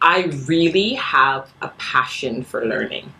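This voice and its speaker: A woman in her thirties talks as a podcast guest with a notably low voice. She tells her stories earnestly and with animation, and she laughs easily along the way. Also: animated, unhurried, vocal fry, bright, forceful tone. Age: 30s. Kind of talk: casual chat.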